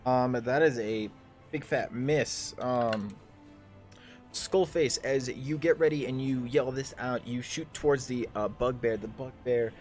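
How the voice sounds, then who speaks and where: A man's voice: mid-range voice, a little slow, a little mellow, soft background music. A man narrating a tabletop game as game master in a loose, rambling way, full of ums and restarts.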